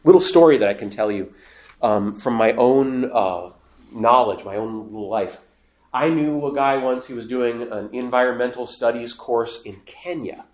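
Male preacher, mid pitch, animated sermon delivery, echoey room. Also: normal speed. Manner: animated, rising to emphatic quoted lines.

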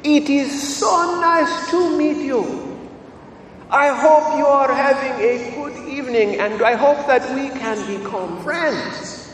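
A man doing a beaming Kenyan priest, high and slow. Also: a little hiss or hum, exaggerated voice. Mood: delighted. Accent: Kenyan, imitated. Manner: warm, delighted, slow and courteous. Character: cheerful gentle Kenyan priest, adult man. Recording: echoey hall, mic at a distance.

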